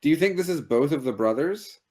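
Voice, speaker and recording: A man's voice: fairly high pitch, lively intonation, a little fast, a little mellow. A man co-hosting a casual chat about retro games, jokey and riffing on silly details. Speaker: podcast co-host.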